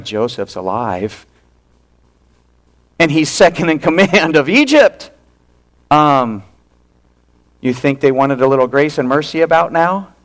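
In a sermon, a medium-pitched male pastor tells a story, performing its quotes animatedly and going quiet at points for emphasis.

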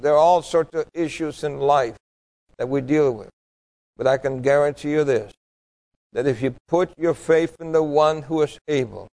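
A man's voice: mid-range voice, darkish tone. A man, a pastor, preaching a sermon in a church, telling a story and leading an earnest, pleading prayer. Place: church sanctuary.

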